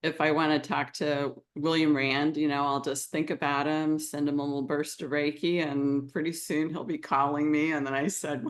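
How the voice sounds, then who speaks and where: A woman's voice: deep voice, fairly even intonation, normal speed. A woman hosting a podcast in casual chat, easygoing and affirming, often answering with short responses. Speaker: podcast host.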